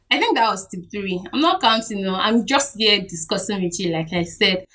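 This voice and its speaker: A young Nigerian woman chats to her camera, lively and quick to laugh. Her voice sits a little way off the mic. The pitch is middling for a woman. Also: far from the mic. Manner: chatty, animated, laughs often. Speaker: vlogger. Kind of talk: casual talk to camera.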